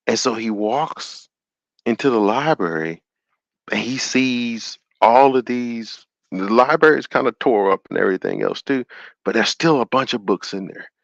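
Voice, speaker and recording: A man hosting a call-in show, retelling a story in an animated, sermon-like way and acting out the quotes. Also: mid-range voice, moderate pace, gravelly, no echo, highs cut off.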